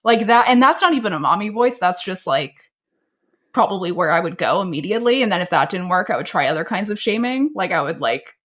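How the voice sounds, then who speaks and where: A woman's voice: fairly low pitch, animated, fairly quick, fairly bright tone. A woman co-hosting a podcast, talking bluntly and animatedly in casual chat, swearing freely. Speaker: podcast co-host.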